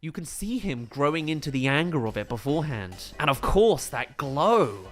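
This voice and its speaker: Male film reviewer, enthusiastic, analytical commentary, fairly high voice, faint music behind. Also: big pitch swings, moderate pace.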